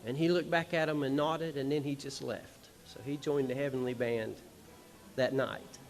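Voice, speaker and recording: Speaking at normal speed in a medium-pitched, fairly even voice with vocal fry, the honored musician's son gives a personal stage speech at a tribute concert. He rambles through family stories in a folksy, emotional manner, chuckling softly.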